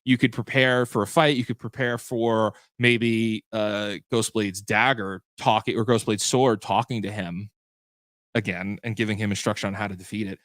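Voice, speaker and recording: A man's voice: on the low side, steady tone, normal speed, fairly bright tone, dry recording. A man hosting a livestream post-show as game master, chatting loosely and correcting himself as he answers viewer questions.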